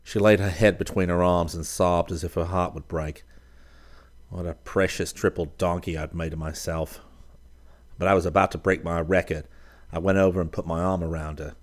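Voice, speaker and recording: A man narrating a first-person story in a measured, dramatic reading. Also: low voice, fairly even intonation. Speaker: audiobook narrator.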